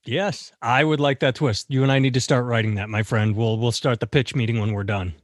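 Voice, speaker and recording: This man co-hosts a casual comedic news podcast, sounding sarcastic and crude. His intonation stays fairly even and a little fast, but his voice jumps high whenever he mocks something. The recording is studio quality with no room sound.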